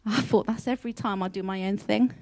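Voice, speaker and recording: A woman's voice: medium pitch, fairly even intonation, fast talker, a little mellow. A woman speaks in an earnest, heartfelt devotional talk. She sounds openly emotional and often repeats or restarts words mid-phrase. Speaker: Christian speaker.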